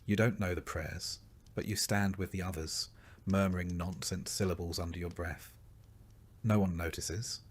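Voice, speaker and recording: A man calmly narrating a soothing bedtime history story in the second person. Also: low-pitched. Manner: soft, soothing and unhurried.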